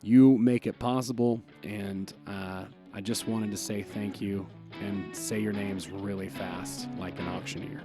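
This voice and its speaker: A man hosting a podcast, talking in an excited, chatty way with lots of fillers and quick laughs. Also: on the low side, over loud music. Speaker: podcast host. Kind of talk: casual podcast chat.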